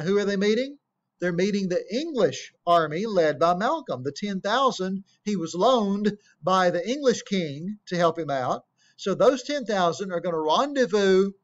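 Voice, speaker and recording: A man teaching a play, explaining scenes plainly, asking rhetorical questions and reading quotations aloud. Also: sits high. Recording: dull lo-fi recording.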